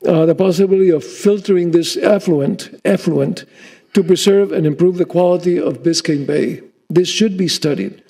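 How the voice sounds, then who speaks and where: Mellow-voiced mayor giving a formal address. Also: male voice, a little high, creaky. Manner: reads a prepared speech, with restarts and ad-libbed asides. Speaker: city mayor.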